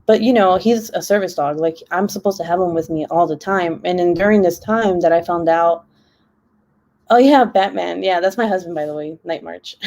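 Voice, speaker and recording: A woman's voice: on the low side, moderate pace, creaky, darkish tone. A young woman live streaming, telling a long story in a casual, rambling way while reading the comments. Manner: chatty, rambling, heavy use of "like".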